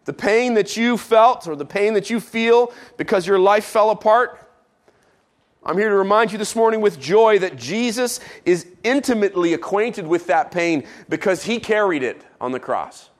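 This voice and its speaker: A man preaching a sermon as pastor, who drops low and quiet for emphasis and adds playful asides. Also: animated, normal speed.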